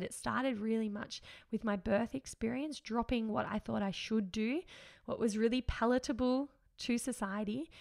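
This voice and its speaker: A woman's voice: on the high side, gravelly. A woman, hosting a solo podcast in an earnest, upbeat, reflective way, often laughing. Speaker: podcast host.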